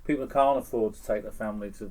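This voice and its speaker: An English man with a rambling, animated way of talking, a festival stage organiser chatting as a guest on a podcast recorded on a houseboat. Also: lowish voice, racing, low-quality recording. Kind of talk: casual chat.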